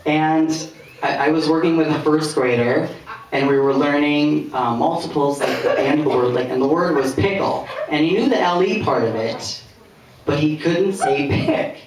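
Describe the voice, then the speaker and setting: A man performing stand-up comedy, telling anecdotes in a loose, conversational way with filler pauses. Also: fairly high pitch. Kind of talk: stand-up storytelling. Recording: echoey room heard from a distance.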